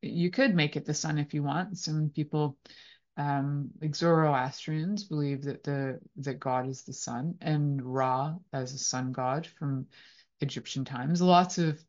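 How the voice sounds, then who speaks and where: A woman's voice: sits low, steady tone, unhurried, darkish tone. A woman hosting a podcast, musing on relationships in a rambling way with many fillers. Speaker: podcast host. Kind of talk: reflective relationship talk. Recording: slightly dull lo-fi audio.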